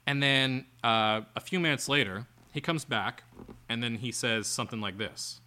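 A man with a bright, forceful voice reads an article aloud on a podcast. He keeps breaking off into sarcastic remarks and exasperated rants. His pitch sits in an ordinary middle range for a man. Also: animated, normal speed. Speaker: podcast co-host. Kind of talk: reading an article aloud with commentary.

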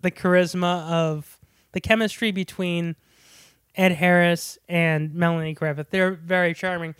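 Lively woman co-hosting a movie podcast. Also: on the low side, unhurried, clear, resonant tone, dry recording, studio quality. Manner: animated storyteller who acts out quotes, laughs often. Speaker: podcast co-host. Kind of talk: casual movie review chat.

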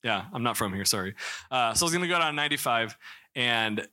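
A man's voice: mid-range voice, animated, quick pace, sharp tone. A young man from Missouri telling a candid personal story to a church congregation, with many restarts and fillers. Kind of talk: personal testimony in a church talk.

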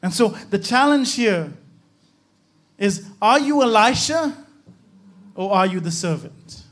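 High-voiced preaching man. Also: expressive, slow pace, a bit bright, no room sound. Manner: emphatic preaching, repetitive rhythmic phrasing. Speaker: pastor. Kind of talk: sermon.

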